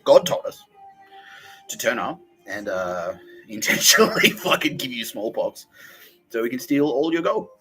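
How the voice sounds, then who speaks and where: A man's voice: medium pitch, sing-song, unhurried, bright, forceful tone, faint music behind, pitched above the performer's own voice, low-quality recording. Man putting on a brash lying conquistador. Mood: mocking. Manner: brash, mocking, boastful. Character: swaggering lying male conquistador invader.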